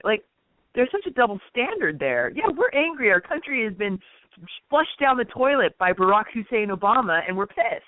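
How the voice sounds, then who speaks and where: A woman co-hosting a political talk radio show, speaking in an indignant, forceful way. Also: fairly high pitch, sing-song, quick pace, no room sound. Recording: dry, phone-like radio sound.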